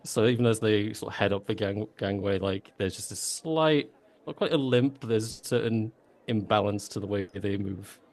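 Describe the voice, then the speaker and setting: A man's voice: fairly low pitch, moderate pace, a little mellow. A man describing his character as a player in a tabletop game, rambling and hedging with "sort of" and "like".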